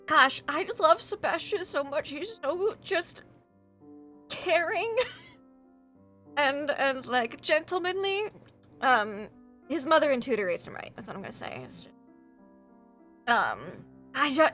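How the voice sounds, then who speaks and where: Bright, gushing woman tabletop player. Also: high-pitched, animated, a little slow, faint music behind. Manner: gushing, enthusiastic, with many fillers. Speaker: player in a tabletop role-playing game. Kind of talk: casual end-of-session chat on a stream.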